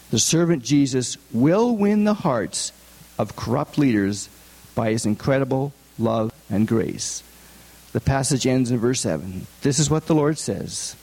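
A man's voice: mid-range voice, gravelly, a little mellow. A man giving a conversational sermon, often asking his listeners rhetorical questions. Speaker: preacher. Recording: long hall reverb.

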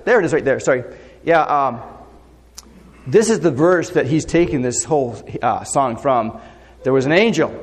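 A man preaching a sermon in a church, talking conversationally with plenty of fillers and questions to the congregation. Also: on the high side. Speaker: pastor. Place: church sanctuary. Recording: long echo of a large hall.

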